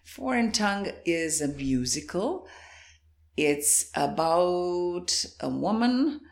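Croatian-accented woman, gravelly and reflective. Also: on the low side, sing-song, slow. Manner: thoughtful, reflective, laughs easily. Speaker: guest, actor and playwright. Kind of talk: interview conversation.

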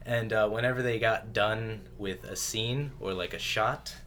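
A man hosting a podcast in casual chat, laid-back and trailing off into quieter asides. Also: lowish voice, steady tone, unhurried, a little hiss or hum. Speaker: podcast host.

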